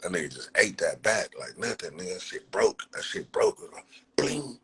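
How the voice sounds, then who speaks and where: Deep-voiced man, loose profane live chat. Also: expressive, a little fast, slightly rough, low-quality recording. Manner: loose and profane, streetwise slang, frequent laughter. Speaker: livestreamer. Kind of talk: casual livestream chat.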